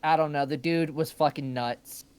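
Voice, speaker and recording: Casual swearing co-host, mid pitch, just chatting. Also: steady tone, moderate pace, darkish tone, smooth. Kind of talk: casual chat.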